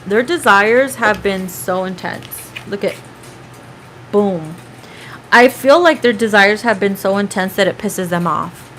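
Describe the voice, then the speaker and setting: A woman's voice: mid-range voice, unhurried, fairly bright tone, slight background noise, poor audio. A woman giving a casual tarot reading, chatty and profane, now and then breaking into snatches of song. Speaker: tarot reader.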